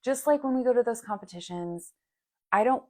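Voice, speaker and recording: A woman's voice: a little high, brisk. A woman in her thirties co-hosting a podcast, telling stories in casual chat with lots of fillers. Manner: animated storytelling with many fillers. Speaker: podcast co-host.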